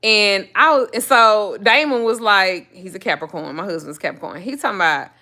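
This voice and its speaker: A woman's voice: moderate pace, pushed and bright. A middle-aged woman hosting her channel, telling a personal story in a blunt, profane, casual way. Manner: profane and blunt, jumps up high when acting out her own panic.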